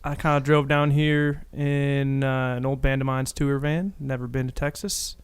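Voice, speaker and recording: A young man from upstate New York talks easily as a podcast guest. His voice is smooth and resonant at a middle pitch, and he keeps his replies loose and self-mocking. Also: little pitch movement, normal speed. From Buffalo, New York. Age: young adult. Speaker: guest, band member. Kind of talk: casual podcast chat.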